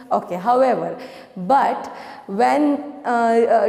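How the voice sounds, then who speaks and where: A woman teacher with an Indian accent, giving an online lesson to children, patiently repeating words and asking the class questions. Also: high voice. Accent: Indian English. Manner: patient, repeats words slowly for pupils to echo; asks the class questions, many fillers. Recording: echoey room with long reverb.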